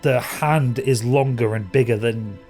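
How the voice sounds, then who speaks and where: A man narrating as game master of a tabletop game, describing scenes with many pauses and fillers. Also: medium pitch, a little mellow, faint music behind. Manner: descriptive, hesitant, many ums and kind ofs.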